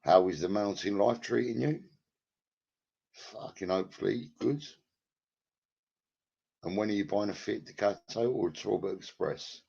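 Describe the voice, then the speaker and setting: A very deep, gravelly man rambles through a casual live stream from his flat, swearing freely and bantering with viewers by name. His voice is husky and worn, heard through a headset. The sound is dull and lo-fi. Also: a little slow, long pauses. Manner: rambling, crude and profane, banters with chat by name.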